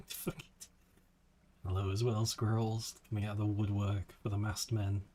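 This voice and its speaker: A man's voice: fairly low pitch, little pitch movement, a little fast, dark tone, slight background noise. A man streaming a fishing game, chatting casually, laid-back, swearing and laughing now and then. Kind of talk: casual gameplay commentary.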